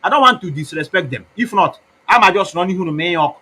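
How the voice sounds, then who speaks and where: Husky Igbo-accented man, preachy ramble. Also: sits high, animated, quick pace, bright, forceful tone, low-quality recording. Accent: Igbo Nigerian. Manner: mixes English and Igbo, preachy and mocking. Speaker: activist campaigner. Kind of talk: rambling campaign talk.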